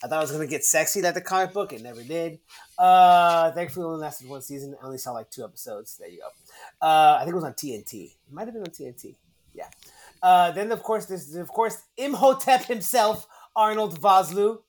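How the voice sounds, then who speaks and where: A man's voice: a little high, animated, fairly quick. Rambling man hosting a movie podcast. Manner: rambling, joking, repeats words. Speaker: podcast host. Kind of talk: casual movie podcast chat.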